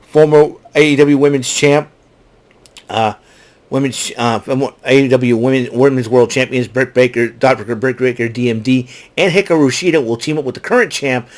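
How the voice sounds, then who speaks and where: A man recapping a wrestling show in casual unscripted talk, halting often with fillers and restarts, speaking as an enthusiastic fan. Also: medium pitch.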